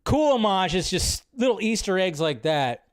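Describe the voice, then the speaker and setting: A man hosting a live stream, reacting to a movie trailer in an excitable, rambling way and swearing freely. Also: sits high, moderate pace. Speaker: host. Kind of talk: casual live-stream commentary.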